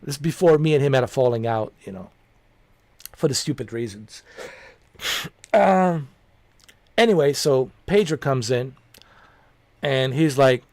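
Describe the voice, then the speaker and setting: Here a gaming streamer tells a long, meandering story in a chatty style full of "man," "dude," and "you know," laughing at it as he goes. His medium-pitched voice is animated and a bit mellow, moving at a measured pace with frequent pauses, captured in a dry recording.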